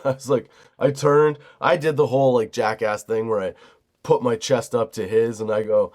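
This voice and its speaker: A man's voice: medium pitch, fairly even intonation, normal speed, darkish tone. A middle-aged man hosting a comedy podcast, telling a heated, profane story as a single dad. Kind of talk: storytelling monologue.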